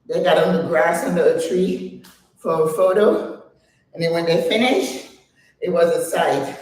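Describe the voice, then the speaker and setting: An older woman talks slowly and breathlessly as she leads a home workout, counting each rep aloud. Her voice bounces around a very echoey room. She sounds a little distant from the microphone, with faint noise underneath. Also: fairly low pitch, a little mellow. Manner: chatty, coaching, counts reps aloud. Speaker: exercise vlogger. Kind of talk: guided home workout chat.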